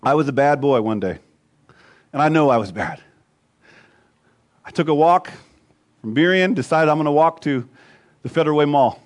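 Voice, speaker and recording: High-voiced man preaching emphatically. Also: animated, moderate pace, pauses often. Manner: emphatic, repetitive preaching with rhythmic lists. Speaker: pastor. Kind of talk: sermon.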